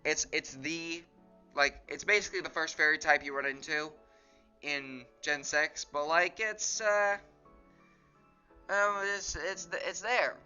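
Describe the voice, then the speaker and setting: A man's voice: a little high, unhurried, pushed and bright, clean tone, muffled recording, faint music behind. A man giving casual, rambling commentary on a tier list, often breaking off mid-sentence and laughing. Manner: rambling, self-interrupting, giggly. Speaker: gaming YouTuber.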